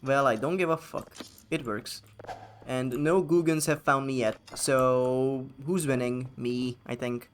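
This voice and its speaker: A man's voice: mid-range voice, steady tone, a little slow. Male streamer, casual live gameplay talk, sardonic and foul-mouthed, mid-range voice. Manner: sarcastic, swearing, joking with chat.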